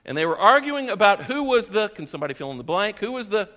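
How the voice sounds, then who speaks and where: Male pastor, high and bright voice, lively sermon delivery, long church-hall reverb. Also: fast talker. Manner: animated, questions the congregation, chuckles often. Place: church sanctuary.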